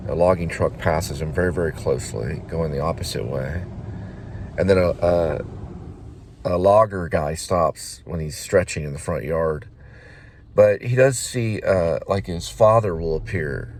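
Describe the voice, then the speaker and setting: A man's voice: low-pitched, measured pace. A man hosting his own vlog, talking in a casual, meandering way with frequent hesitations and restarts, seated in a car. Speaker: vlog host and screenwriter. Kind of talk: casual rambling monologue. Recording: steady car noise behind.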